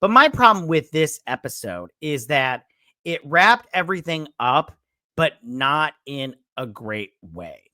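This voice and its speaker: A man's voice: fairly high pitch, big pitch swings, a little slow, bright, forceful tone, no room sound. A man hosting a crude, exasperated episode review, mocking the characters and swearing constantly. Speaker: host. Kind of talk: profane episode review rant.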